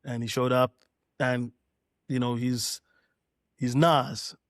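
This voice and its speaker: A middle-aged man from Canada tells a relaxed story as a podcast guest and slips into quoted dialogue along the way. His pitch stays level and sits in a middle register. The sound is close and dry, with no room around it. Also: slow pace, no room sound. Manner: relaxed anecdote-telling, acting out quoted dialogue. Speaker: guest, DJ and producer. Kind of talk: casual storytelling in a podcast interview.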